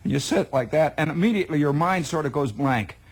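A man's voice: fairly high pitch, animated, a little fast, slightly rough. A man telling a spoken monologue in a wry, exaggerating manner. He stacks up details and often repeats words as he goes. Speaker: storyteller.

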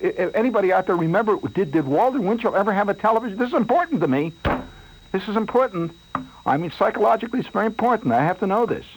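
A man hosting a late-night radio show, telling a rambling, self-mocking story in a theatrical way that swings from hushed to excited. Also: high voice, husky, rough recording. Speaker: radio host.

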